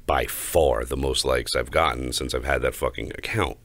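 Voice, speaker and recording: Man, very low voice, dry close sound, profane, swaggering podcast rant. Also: steady tone, moderate pace, fairly bright tone, dry recording. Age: adult, older than co-host. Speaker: podcast host. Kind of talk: crude casual podcast rant.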